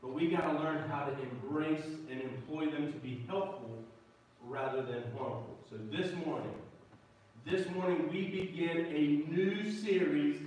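Folksy pastor in an echoey church. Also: male voice, a little high, measured pace, darkish tone, slight background noise. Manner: folksy, joking, calls out to the congregation. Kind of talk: sermon. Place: church sanctuary. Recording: echoey church hall, mic from a distance.

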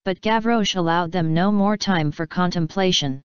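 Woman narrator for a classic audiobook; measured, crisp, dry close sound. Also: on the low side, no room sound, dull audio. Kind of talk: scripted narration of a classic novel.

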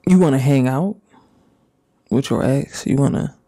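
A man doing casual, profane reaction commentary and reading messages aloud, with drawn-out reactions. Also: medium pitch, dark tone. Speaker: commentary YouTuber.

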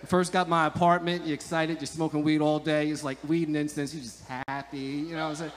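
A man's voice: a little high, flat delivery, fairly quick, slight background noise. A man from New doing a profane, rambling stand-up comedy set on an outdoor club stage, laughing at his own jokes. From New Jersey. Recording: live stage sound with long reverb.

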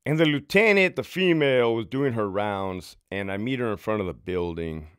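A former prison sergeant tells his own story to camera in a rough, swearing, worked-up way. His low voice swings widely up and down as he talks. The sound is dry and close, with no room echo. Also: normal speed. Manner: profane, heated, animated.

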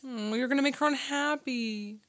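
A woman's voice: high-pitched, normal speed, a bit bright, dry recording. A woman hosting a casual movie reaction, exclaiming and laughing often as she comments.

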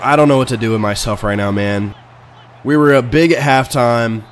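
A man casually commenting on his own video game match, excitable and swinging between low muttering and sudden loud outbursts. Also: normal speed, a little hiss or hum. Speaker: video game player and channel host. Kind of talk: casual let's-play commentary.

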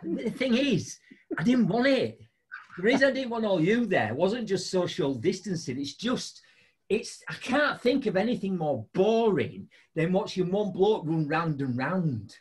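A man hosting a show, telling a funny story in a casual chat, laughing often. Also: unhurried. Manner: animated, laughing storyteller with big pitch jumps. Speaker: podcast host.

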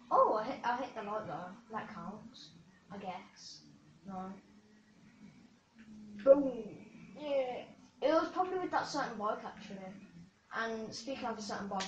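A woman's voice: medium pitch, a little hiss or hum. A woman giving chatty live gameplay commentary to her viewers, with sudden cheers and yelps. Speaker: gaming video creator. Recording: roomy, distant, dull lo-fi sound.

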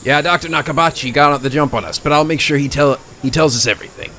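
A man's voice: on the high side, fast, sharp tone, a little hiss or hum. A man voicing a dramatic, paranoid young mad scientist in a video game, delivering lines in a theatrical, conspiratorial way.

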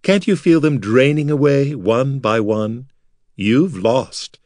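A man voicing a cruel, scheming male noble who mocks his enemies in a smooth, theatrical manner. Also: medium pitch, big pitch swings, normal speed, dry recording, clean studio sound. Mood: mocking menace.

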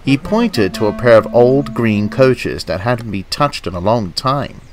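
A man tells a children's storybook tale with lively, rising and falling intonation. His reading is gentle and expressive over clear music. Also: medium pitch, unhurried. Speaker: narrator. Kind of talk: storybook narration.

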